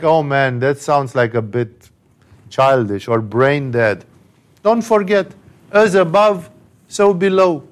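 Man, higher voice, spiritual teacher, emphatic, chatty commentary on scripture. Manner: conversational, emphatic, rhetorical asides.

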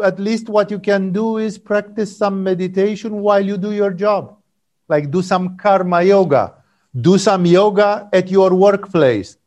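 A man's voice: high voice, darkish tone. A man giving a satsang talk as a spiritual teacher, telling a story in a rambling, digressive way and checking in with "no?" and "you know".

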